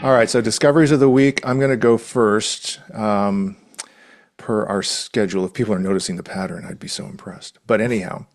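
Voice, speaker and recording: A man's voice: lowish voice, steady tone, fairly quick, soft background music. A man co-hosting a podcast, chatting casually and enthusiastically in a rambling way with many restarts. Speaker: podcast co-host. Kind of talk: casual chat.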